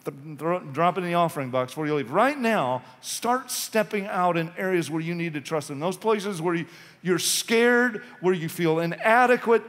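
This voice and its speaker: A man's voice: high-pitched, lively intonation, moderate pace, a bit bright. A male pastor preaching an impassioned, urgent sermon in a church sanctuary. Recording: long reverb of a church hall.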